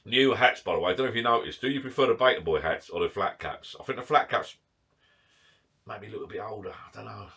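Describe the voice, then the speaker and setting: A man's voice: fairly low pitch, fast talker, fairly bright tone, slightly rough. A man chatting casually to camera in his garden shed bar, rambling, self-mocking and a little out of breath. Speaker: vlogger.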